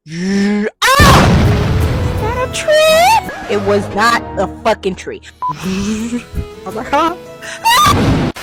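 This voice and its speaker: A woman telling a childhood story in a storytime vlog, animated, profane and self-mocking, with dramatic switches into acted quotes. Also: on the high side.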